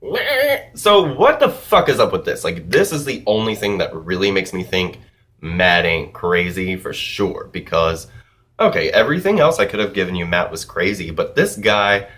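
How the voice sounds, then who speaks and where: Male TV reviewer, low voice, casual, profane, animated rambling. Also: moderate pace. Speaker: TV episode reviewer.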